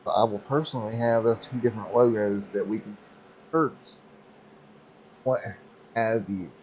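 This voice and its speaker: A man with a lowish, hoarse voice calls a simulated race. He gets excitable and rambles, with plenty of fillers. Steady background noise sits under his voice. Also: moderate pace, dull audio. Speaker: sim racing commentator. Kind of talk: race commentary.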